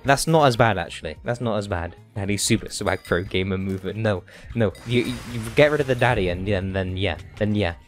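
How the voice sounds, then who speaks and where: A man's voice: fairly low pitch, a little fast, soft background music. Man streaming, mock-dramatic whining. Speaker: game streamer. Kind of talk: casual live-stream chat while gaming.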